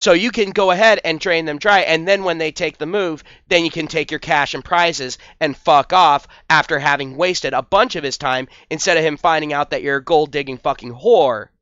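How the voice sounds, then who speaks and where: Crude, scornful high-voiced man. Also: moderate pace, hardly any pauses, fairly bright tone, smooth, no echo, dull audio. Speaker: commentary video host. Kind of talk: profane reaction commentary.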